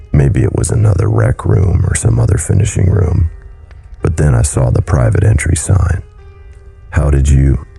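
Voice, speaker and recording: Very deep gravelly male horror narrator. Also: mellow. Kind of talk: scripted horror story narration.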